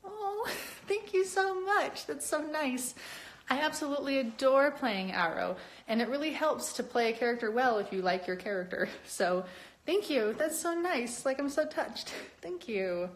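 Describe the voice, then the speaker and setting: A young adult woman chatting casually on a live stream, talking with viewers in an animated, lively way. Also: normal speed. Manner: chatty and animated, with many upward pitch jumps. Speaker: cosplayer hosting a live stream.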